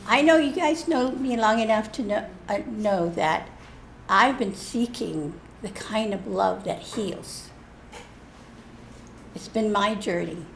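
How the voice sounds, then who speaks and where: A woman sharing a personal story at a church service in a lively, self-mocking way. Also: mid-range voice, slow pace, vocal fry, slight background noise. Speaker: church speaker. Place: church hall.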